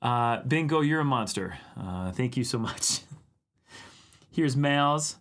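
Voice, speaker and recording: A man hosting a livestream, chatting casually and excitedly about viewer drawings, laughing often. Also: medium pitch, slow pace. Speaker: livestream art show host.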